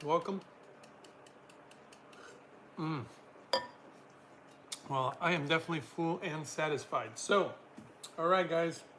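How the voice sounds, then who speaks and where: A man hosts a relaxed livestream, reading viewer comments aloud and answering each one. His voice sits a little high and rings very bright and forward, with a faint hiss of room noise under it. He keeps the talk loose and friendly, with frequent laughter. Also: takes it slowly, pauses often. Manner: chatty, reads out viewer comments and laughs often. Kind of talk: casual livestream chat.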